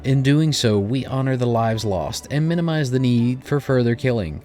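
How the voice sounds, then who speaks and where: A man's voice: medium pitch, moderate pace, darkish tone, close to an everyday voice. A man voicing a formal, long-winded male guild receptionist, reading game dialogue aloud in a stately tone over faint game music.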